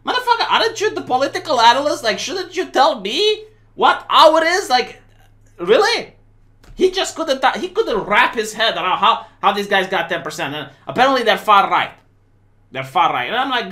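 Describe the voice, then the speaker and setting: Young Romanian-accented man, sarcastic streamer rant, lively pitch, bright tone. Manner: sarcastic, animated, many fillers and restarts. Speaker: political commentator streamer. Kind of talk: casual sarcastic monologue.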